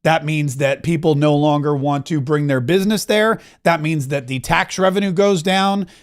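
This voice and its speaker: A man's voice: fairly high pitch, normal speed, clear, resonant tone. A man hosting a political commentary show, talking casually and emphatically, rambling with frequent restarts.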